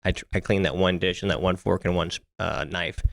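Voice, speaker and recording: A man's voice: low voice, steady tone, brisk, gravelly. A middle-aged man co-hosting a podcast, talking bluntly, swearing freely and often restarting his sentences. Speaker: podcast co-host. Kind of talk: casual podcast chat.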